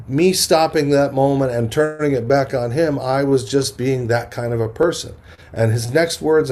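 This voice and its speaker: This middle-aged motivational speaker, medium in pitch, spins lively stories from his own life during an animated interview as a podcast guest. He's an energetic storyteller who acts out the voices of the people he quotes and keeps restarting his sentences.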